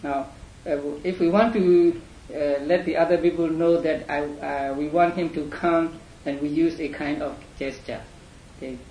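A man lecturing a class in an unhurried, halting way, often repeating words and pausing on fillers. His voice sits a little high for a man and is very slow. It carries around an echoey room with a faint hum underneath. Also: steady tone, mellow. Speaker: teacher.

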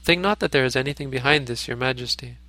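A man voicing a noble, selfless male deer king in a storybook reading, speaking in a calm, gentle, pleading way. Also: medium pitch, fast talker, no echo, natural voice.

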